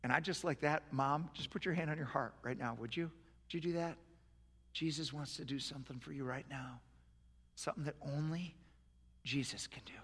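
A man leading a sermon's closing prayer, moving from hushed, tender prayer to loud, forceful proclamation. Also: mid-range voice, a little fast, slightly rough, big-room sound. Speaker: pastor. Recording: live sermon with music behind. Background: soft worship music.

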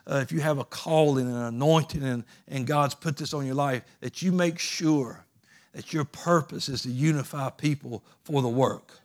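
A man's voice: mid-range voice, moderate pace. A man preaching a sermon as pastor, plainspoken and folksy, raising his voice for emphatic calls to the congregation.

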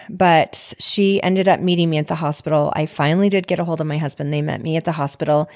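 A woman's voice: on the low side, darkish tone. A young adult woman hosting a podcast, earnestly retelling a personal story in a heartfelt, faith-filled way. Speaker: podcast host.

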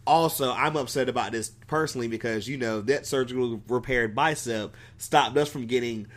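A man's voice: medium pitch, moderate pace. A man co-hosting a podcast, recapping wrestling in rambling casual chat, swearing and laughing often. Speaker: podcast co-host.

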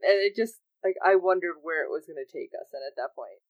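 A woman co-hosting a casual recap chat, animated and laughing as she quotes characters. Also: deep voice, fast, no room sound, highs cut off. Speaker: podcast co-host.

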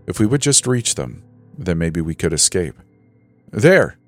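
A man reads a scripted horror story in a measured, dramatic way. His voice sits very low, and faint music runs underneath. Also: very animated, darkish tone.

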